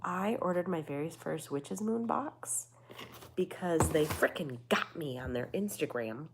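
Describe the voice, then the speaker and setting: A woman in her thirties with a nasal voice that is going hoarse, chatting casually with viewers and swearing freely between fillers. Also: low-pitched, lively intonation, measured pace, noisy background. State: losing her voice. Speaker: vlogger. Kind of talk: casual chat to a live audience.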